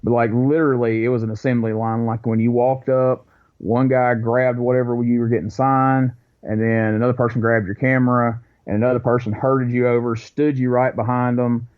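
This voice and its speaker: A man on a podcast, telling stories in animated bursts in a casual chat. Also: medium pitch, phone-quality sound. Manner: animated storyteller, quick bursts, acts out quotes. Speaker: podcast co-host.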